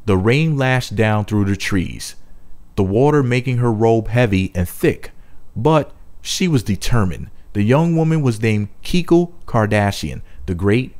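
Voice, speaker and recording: A man's voice: on the low side, lively intonation, measured pace, a little mellow. A man reading a spooky story aloud, mock-dramatic, with crude joking asides.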